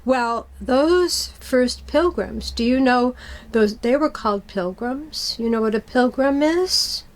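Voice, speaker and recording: A middle-aged woman telling a story to children, gentle and patient, asking them questions as she goes. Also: a little high, takes it slowly.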